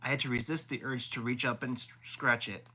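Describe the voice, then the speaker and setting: Guy reading a book live, bright clear tone, trips over words and goes back. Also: medium pitch, fairly even intonation, brisk, rough recording. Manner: stumbles and rereads words. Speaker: audiobook reader.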